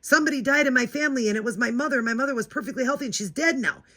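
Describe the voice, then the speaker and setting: A woman's voice: high-pitched, very fast, fairly bright tone, pitched above the performer's own voice. A woman imitating a frantic, dramatic woman who makes wild claims, speaking in an insistent, melodramatic way.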